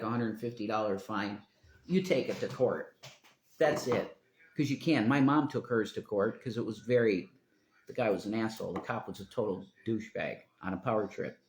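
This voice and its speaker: A man talking on his own live stream in a meandering, profane monologue, often trailing off mid-sentence. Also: mid-range voice. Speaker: livestreamer. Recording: roomy echo.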